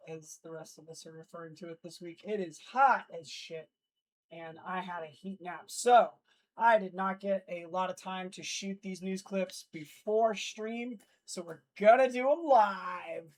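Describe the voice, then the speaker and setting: Sounding groggy, as if just woken up, a livestream host chats casually with viewers and reads out news, stumbling and restarting lines after slips. Their average-pitched voice comes through a noise-cancelled streaming mic in an indoor setup in Los Angeles.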